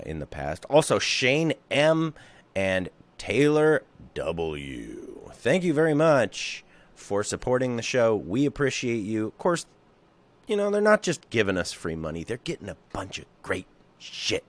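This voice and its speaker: A man's voice: mid-range voice, no room sound. A man hosting a horror film podcast, jokey and rambling, chatting casually and putting on silly voices now and then. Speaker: podcast host.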